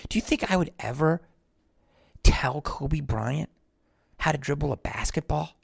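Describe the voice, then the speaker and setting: A man rants his way through a podcast monologue, blunt and salted with profanity. His voice has a gravelly edge, and it sits close and dry on the mic with no room sound. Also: on the high side, expressive, measured pace, no room sound. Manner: blunt, profane, rambling rant. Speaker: podcast host; actor on tour. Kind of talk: casual monologue.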